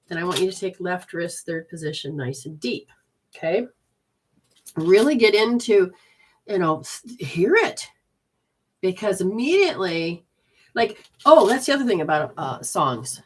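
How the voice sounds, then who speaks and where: A woman's voice: medium pitch, animated, normal speed. Rambling woman giving live readings. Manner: rambling, many restarts, switches into quoted voices. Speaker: intuitive healer giving readings to viewers. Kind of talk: live reading session, casual talk.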